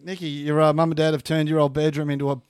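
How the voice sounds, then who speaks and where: A man's voice: on the high side, level tone, fast talker, darkish tone, clean tone, no echo, clean studio sound. A man, hosting and chatting casually with guests. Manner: chatty, laughing interviewer. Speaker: radio host. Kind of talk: casual banter.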